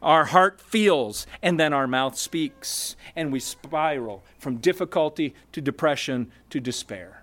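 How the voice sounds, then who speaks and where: Slow, high-voiced man preaching. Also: lively intonation, a bit bright. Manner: emphatic, repeats key words with deliberate pauses. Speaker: pastor. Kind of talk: sermon.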